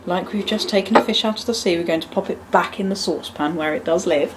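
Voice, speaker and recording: A woman with a lowish voice talks fast as she hosts a casual cooking demonstration in her home kitchen, chatting and tossing in joking, self-mocking asides. The kitchen is noisy, with clattering pans, cutlery, pots and general kitchen ambience in the background.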